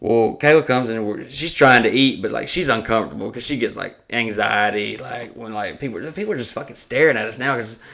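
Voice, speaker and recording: A man's voice: mid-range voice, fairly quick, gravelly, hardly any pauses, pushed and bright. A man hosting a podcast, telling a story in casual, profane chat and acting out the people he quotes. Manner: profane, acts out quoted voices. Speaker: podcast host.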